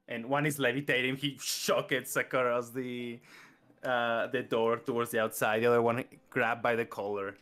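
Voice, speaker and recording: A man narrating as game master of a tabletop role-playing game, relaxed and often laughing. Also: medium pitch, moderate pace, soft background music.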